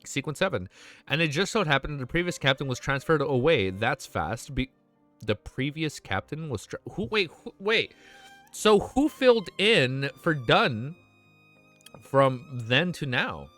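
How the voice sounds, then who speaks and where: A man's voice: on the high side, big pitch swings, measured pace, a bit bright, soft background music. A young man streaming, reading a web novel aloud and breaking off to gush, swear and say "dude". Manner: gushing, swears often, says "dude" a lot. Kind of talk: reading aloud with excited reactions.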